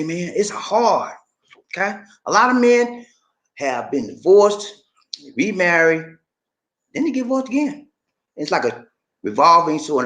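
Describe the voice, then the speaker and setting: On his channel's motivational live stream, an older man rallies listeners with preachy, repeated phrases. His voice is high and a bit bright, and the room echoes.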